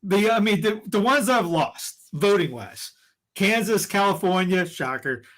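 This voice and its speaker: A man's voice: high voice, lively intonation, normal speed, a bit bright. A man co-hosting a podcast, talking in a rambling, heated way with many restarts and fillers. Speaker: podcast co-host. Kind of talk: casual opinion chat.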